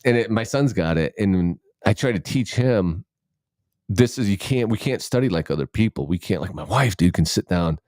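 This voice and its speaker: A man's voice: fairly low pitch, animated, normal speed, darkish tone, dry recording, studio quality. A middle-aged man co-hosting a podcast, chatting casually and rambling, cutting himself off and swearing freely. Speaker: podcast co-host. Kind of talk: casual chat.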